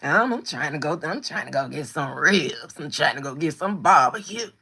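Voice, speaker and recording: A woman imitating her husband as a gruff man complaining dismissively about fancy places. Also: low-pitched, lively intonation, normal speed, sharp tone, voice pushed down, full character voice. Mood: grumbling. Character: grumbling husband who scorns fancy places.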